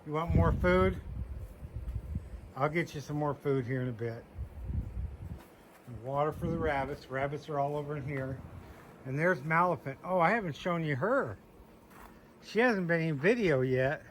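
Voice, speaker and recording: Man, casual farm vlog, outdoors by animal pens, sweet coaxing voice, slightly raised pitch. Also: moderate pace, pauses often, noisy background. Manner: talks sweetly to his goats in a coaxing voice. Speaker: homesteader showing his animals.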